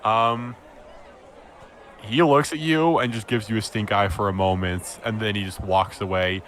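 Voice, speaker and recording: A man's voice: on the low side, steady tone, measured pace, fairly bright tone, slight background noise. A man serving as game master, narrating a tabletop game with a rambling, filler-heavy delivery.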